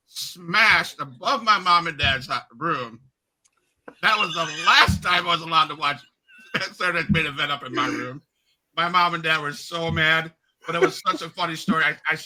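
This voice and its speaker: A man in his fifties hosts a casual interview, his voice pitched a bit high and strikingly bright. He tells stories in a chatty, animated way. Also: normal speed, poor audio. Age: 50s. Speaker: podcast host.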